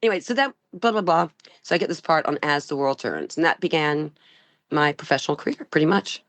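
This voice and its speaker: An older woman, a guest actress, telling stories in an interview, animated and laughing often. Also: sits low, a little fast, dry recording. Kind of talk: storytelling interview.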